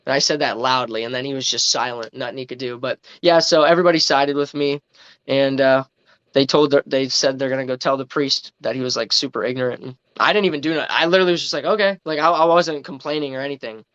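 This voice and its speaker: A man's voice: medium pitch, steady tone, quick pace, a bit bright, smooth, no room sound, muffled recording. A man telling a story on a livestream, rambling casually and stopping often to restart. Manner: rambling, full of fillers and restarts.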